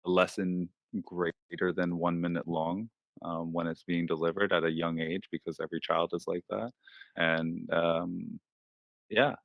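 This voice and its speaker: A man's voice: deep voice, a bit bright, no room sound. A man in his thirties, an interview guest, telling personal stories in a loose, profane way full of filler words. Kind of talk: casual storytelling. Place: online virtual-world voice chat.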